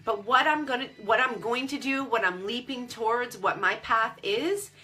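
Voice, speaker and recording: Woman coach on a facebook live, bright voice, teary and candid, faint music behind. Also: fairly high pitch, normal speed. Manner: emotional, near tears; animated, candid. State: tearful. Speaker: online business coach.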